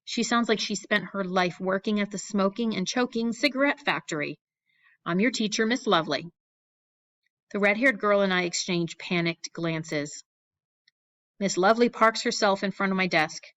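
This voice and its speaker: A woman's voice: mid-range voice, moderate pace, fairly bright tone, muffled recording. A woman narrating a first-person audiobook in a wry, anxious storytelling manner. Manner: wry, anxious storytelling of a young boy's thoughts.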